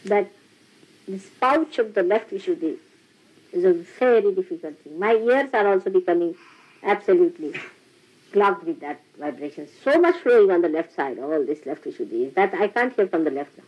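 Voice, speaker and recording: An older woman speaks to a small gathering of followers with a husky, breathy voice. Her pitch swings widely as she laughs and acts out little exchanges. The old recording sounds dull and lo-fi. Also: expressive, moderate pace. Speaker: spiritual teacher. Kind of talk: informal spiritual talk to followers. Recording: dull lo-fi archival tape.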